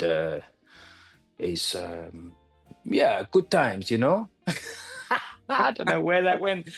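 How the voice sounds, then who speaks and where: A man's voice: fairly low pitch, no echo, exaggerated voice. A man putting on a broad, exaggerated French accent as a joke while he answers questions. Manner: hammy, broad put-on accent.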